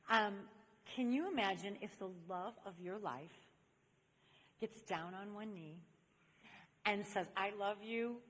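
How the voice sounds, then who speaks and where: A woman's voice: lowish voice, a bit bright. A woman from Saint Louis giving an inspirational talk to a live audience. She tells stories animatedly and speaks straight to the crowd. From Saint Louis, USA. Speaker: speaker on chastity. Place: large convention hall. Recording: echoey hall reverb.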